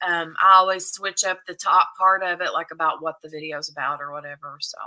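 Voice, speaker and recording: A woman's voice: low voice, little pitch movement, brisk, sharp tone, poor audio. A woman hosting a casual craft livestream, chatting and thanking her viewers and moderators. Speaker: livestream host.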